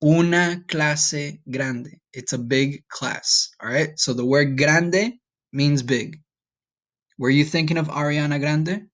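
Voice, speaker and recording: A man's voice: on the high side, a little slow. Patient man teaching a vocabulary lesson. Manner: patient, checks in with "okay?" often; breaks words down and has students repeat. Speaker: Spanish teacher.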